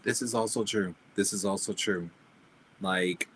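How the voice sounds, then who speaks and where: A man co-hosting a podcast in casual chat, blunt and animated, laughing at his own jokes. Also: low-pitched, moderate pace, slight background noise. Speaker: podcast co-host.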